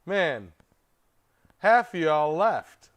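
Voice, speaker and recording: A man's voice: fairly high pitch, sing-song, extremely slow. A man hosting a blacksmithing livestream, chatting in a laid-back way with his viewers from his forge. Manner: laid-back, chuckling, talks to chat. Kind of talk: casual livestream chat.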